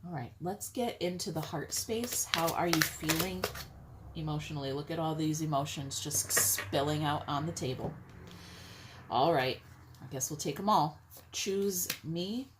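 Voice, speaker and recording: Low-voiced woman doing a tarot reading. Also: normal speed, background noise. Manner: chatty and blunt, swears casually. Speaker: tarot reader. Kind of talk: casual tarot reading to viewers.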